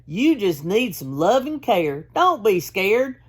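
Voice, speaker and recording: A woman's voice: mid-range voice, big pitch swings, slow, husky, full character voice. A woman voicing a big, sad, lonely male bear in a storybook reading, whimpering and weepy. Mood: soothing.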